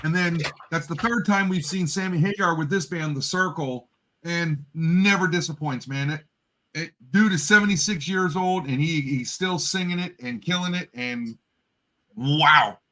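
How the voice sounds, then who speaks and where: A man in his fifties, a grandfather, telling stories in a casual livestream chat with quick laughs. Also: fairly high pitch. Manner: animated storyteller, quick laughs. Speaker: co-host.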